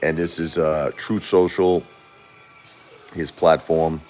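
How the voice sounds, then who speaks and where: Deep-voiced chatty man in his forties. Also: flat delivery, slow, a little mellow, faint music behind. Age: 40s. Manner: rambling, chatty, laughs often. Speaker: livestream host. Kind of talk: casual livestream chat.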